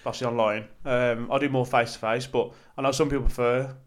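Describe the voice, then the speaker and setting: This is a man hosting a casual podcast interview. He talks quickly at a mid-range pitch, steering the talk with short questions and brief murmurs of agreement. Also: flat delivery. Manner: short prompting questions and backchannels. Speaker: podcast host and personal trainer.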